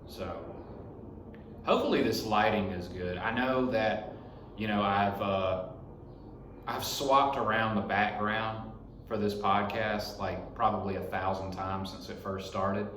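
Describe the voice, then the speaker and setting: A man's voice: lowish voice, a little slow, fairly bright tone, a little hiss or hum. A young man hosting a podcast in his garage, rambling through a profane story in a casual monologue. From Alabama. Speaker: podcast host. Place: home garage. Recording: echoey garage.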